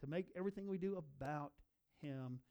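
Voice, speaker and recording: A man's voice: fairly high pitch, brisk, lo-fi sound. A male pastor preaching a sermon, earnest and building to emphatic repeated phrases.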